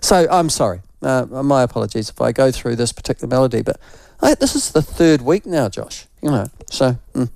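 A man's voice: mid-range voice, sing-song, a little fast, vocal fry, darkish tone, no echo, studio quality. An older man from New Zealand with a New Zealand accent, a radio host telling a rambling, self-mocking story in casual morning chat while unwell with flu.

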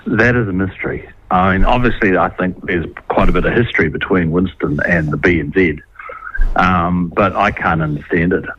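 Man, very deep, husky, halting, muffled radio sound. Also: no room sound. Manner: hesitant, halting. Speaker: radio panelist.

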